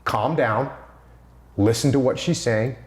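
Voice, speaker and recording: Man, emphatic, repeats key points, casual podcast talk, middle pitch, roomy echo. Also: unhurried. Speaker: leadership speaker.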